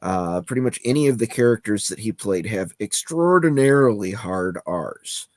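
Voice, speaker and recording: A man's voice: lowish voice, lively intonation, moderate pace, dry recording. A man co-hosting a talk show, explaining things in a rambling way. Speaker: co-host. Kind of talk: casual chat.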